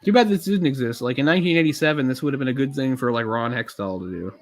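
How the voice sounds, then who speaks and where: A man talks over a movie in loose, chatty live commentary, drifting into tangents and filling gaps with "like." He sounds a little under the weather and keeps swallowing between thoughts, at an ordinary, middling pitch. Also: quick pace. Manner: rambling, chatty, lots of asides and fillers. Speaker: streamer doing live film commentary.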